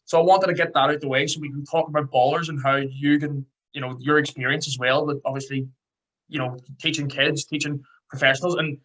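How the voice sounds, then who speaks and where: Scouse male podcast host, quick bright delivery, excitable chat. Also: on the high side, rough recording. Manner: fast, excitable storytelling. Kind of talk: casual interview chat.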